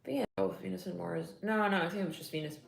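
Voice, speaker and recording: A woman's voice: on the low side, fast talker, gravelly. A woman giving a casual tarot reading, chatty and slangy, getting emotional as she talks. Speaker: tarot reader. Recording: echoey room, faint noise.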